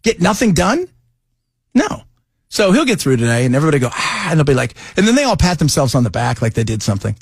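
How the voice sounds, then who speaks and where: Talk radio host, man, lively swooping voice, slightly high, dry studio sound. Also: quick pace, breathy edge, no room sound. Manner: animated, jokey, loose asides. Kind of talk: casual talk radio banter.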